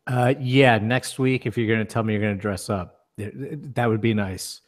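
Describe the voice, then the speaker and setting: Male co-host, low-ish voice, dry self-deprecating humor, casual chat. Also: fairly even intonation, normal speed. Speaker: podcast co-host.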